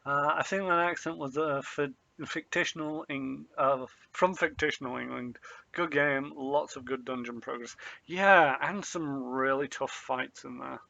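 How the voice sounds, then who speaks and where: A man's voice: mid-range voice, unhurried, vocal fry, sharp tone, dry recording, highs cut off. A young man streaming a video game, rambling in loose commentary full of ums and uhs.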